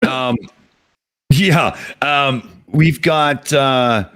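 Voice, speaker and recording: A man hosting a casual group chat on a podcast, chuckling as he steers the segments at an unhurried pace. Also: mid-range voice, fairly bright tone. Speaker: podcast host.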